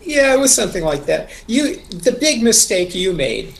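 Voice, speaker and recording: A man's voice: high-pitched, sing-song, normal speed, creaky. An older man who teaches martial arts, a podcast guest who answers with dry, wry humor. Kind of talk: casual podcast interview.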